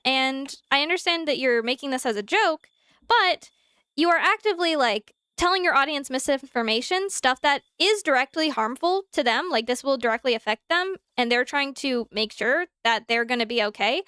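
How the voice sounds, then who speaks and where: High-voiced woman streamer chatting. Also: moderate pace, no echo, studio quality. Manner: animated, talks through examples, answers chat. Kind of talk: casual chat while gaming live.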